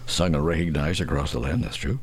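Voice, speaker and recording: A man's voice: a bass voice, brisk, breathy edge. A man hosting a radio show in loose, chatty conversation. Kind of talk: casual on-air chat.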